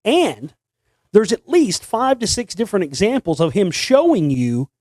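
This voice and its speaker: A man with a slightly high voice talks on and on in a loose monologue, stumbling over restarts and doubling back on his words. The sound is dry and close, with no room around it. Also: wildly swooping pitch, a little slow, a little mellow, dry recording. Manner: rambling, many restarts, sings snippets. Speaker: host. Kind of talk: casual monologue.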